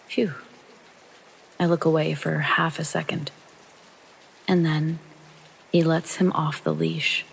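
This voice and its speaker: A man narrating a true first-person horror story in a calm, steady storytelling read, with rain behind him. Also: fairly high pitch, creaky, slight background noise, poor audio. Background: rain sounds.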